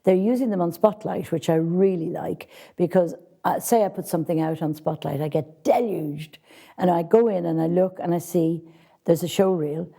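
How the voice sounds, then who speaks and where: A woman's voice: on the low side, moderate pace, vocal fry, mellow. A woman casting director answering interview questions with direct, practical advice for actors, speaking frankly.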